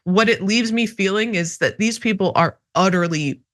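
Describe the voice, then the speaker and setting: A woman's voice: medium pitch, normal speed. A woman giving political commentary on a news show, sarcastic and emphatic, laughing between points. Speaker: co-host commentator.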